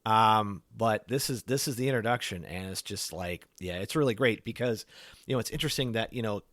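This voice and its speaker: A man's voice: fairly low pitch, brisk, a bit bright, no echo, studio quality. A man hosting a podcast in casual chat, talking in loose, rambling sentences full of "you know" fillers. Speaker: podcast host.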